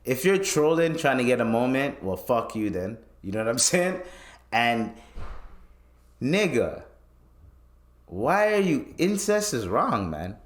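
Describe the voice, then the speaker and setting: A man's voice: medium pitch, sing-song, takes it slowly, long pauses, roomy sound. A young man hosting a podcast, ranting casually and profanely with laughs. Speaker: podcast host. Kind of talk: casual solo podcast rant.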